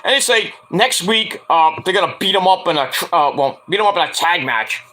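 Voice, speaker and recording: A man's voice: sits high, expressive, a little fast, sharp tone, a little hiss or hum. A man casually recapping a wrestling show, rambling with lots of "like" and "uh" fillers. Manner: rambling, heavy use of "like" and "uh" fillers; acts out quoted lines in a raised voice.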